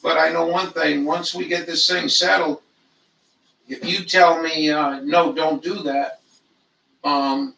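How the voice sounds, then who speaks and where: A man's voice: on the high side, steady tone, unhurried, vocal fry, sharp tone, roomy sound, recorded from a distance. An older man telling rambling, profane stories in a meandering monologue. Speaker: vlogger.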